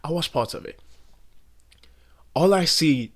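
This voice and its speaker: A man's voice: fairly high pitch, lively intonation, unhurried. A young man giving a casual, rambling commentary rant full of slang and swearing.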